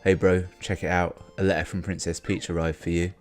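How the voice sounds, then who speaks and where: A man's voice: low-pitched, level tone, fairly quick, faint music behind, close to an everyday voice. A man reading a younger brother's lines in his own voice. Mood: casual.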